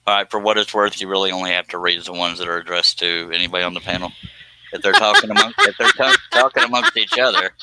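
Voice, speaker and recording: A man with a lowish voice hosts a casual live stream while he carves, tossing off dry, joking remarks. There is a steady hiss of noise under his voice. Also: quick pace. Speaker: host, woodcarver. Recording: noisy live-stream audio.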